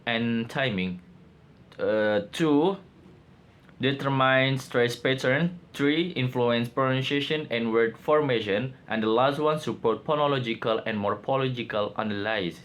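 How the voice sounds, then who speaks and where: A man presenting a class project, reading out his slides haltingly with frequent pauses and fillers. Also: mid-range voice. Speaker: student presenter.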